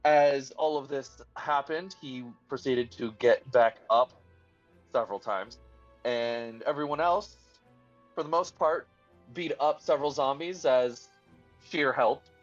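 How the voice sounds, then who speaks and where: A man's voice: mid-range voice, takes it slowly, muffled recording, soft background music. A man casually recapping a tabletop game session, rambling with lots of fillers. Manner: rambling, hesitant with many fillers. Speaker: player giving session recap.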